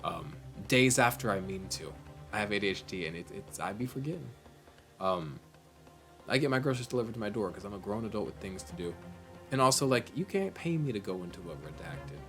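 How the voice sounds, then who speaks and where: A man's voice: lowish voice, brisk, faint music behind. A man hosting a let's play, giving goofy, rambling commentary as he plays a game. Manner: animated, goofy, rambling asides. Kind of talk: casual gaming commentary.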